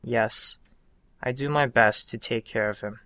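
A man voicing a friendly young woman who sells roses on the street, speaking politely and softly. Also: mid-range voice, fairly even intonation, a little slow, dry recording. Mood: gentle.

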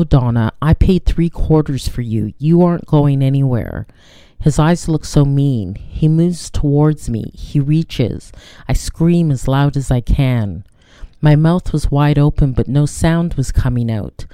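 A woman reading her own personal story aloud in a measured, even storytelling manner. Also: rumbling low, clean tone, dry recording.

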